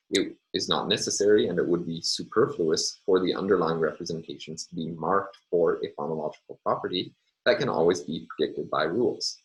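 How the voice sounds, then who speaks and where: Very deep-voiced man lecturing on phonology. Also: poor audio. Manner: measured and explanatory, with frequent ums and uhs. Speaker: university lecturer. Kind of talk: recorded lecture.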